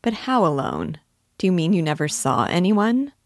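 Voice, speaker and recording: A playful young girl full of eager, teasing questions, as a woman reads her part. The voice sits low and is recorded close and dry. Her lines are lively and a little impatient. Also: moderate pace, dry recording. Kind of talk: audiobook character reading.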